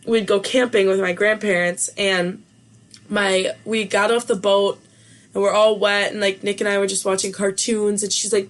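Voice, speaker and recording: A woman's voice: medium pitch, normal speed. Chatty young woman telling a story. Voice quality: animated storyteller, lots of fillers. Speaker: podcast host. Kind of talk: casual chat.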